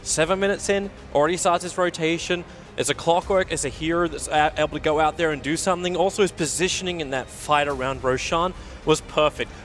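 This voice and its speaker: A man's voice: on the high side, steady tone, brisk, hardly any pauses, a bit bright, faint music behind. A man on an esports panel giving enthusiastic game analysis.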